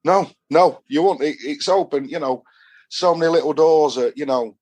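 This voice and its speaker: A man's voice: fairly high pitch, moderate pace, a little mellow. A man with a Yorkshire accent, a podcast guest telling rambling, chatty stories about football away trips. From England. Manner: rambling storyteller, chatty and broad. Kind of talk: casual anecdotal chat.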